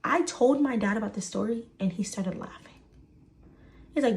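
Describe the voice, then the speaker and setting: A woman's voice: fairly high pitch, moderate pace, warm tone. A woman telling a personal story to the camera, stressing points by repeating words. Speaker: storyteller in a shared clip.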